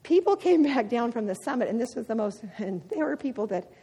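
A woman's voice: fairly high pitch, fairly quick, husky. A middle-aged woman giving a devotional talk full of personal stories, laughing often as she tells them. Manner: laughs often, animated storytelling. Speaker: women's ministry speaker. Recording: long hall reverb.

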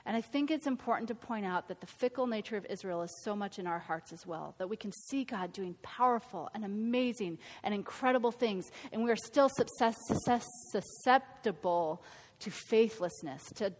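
A woman's voice: mid-range voice, expressive, moderate pace, a little mellow. A woman giving an earnest, conversational Bible teaching, correcting her own slips. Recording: long hall reverb.

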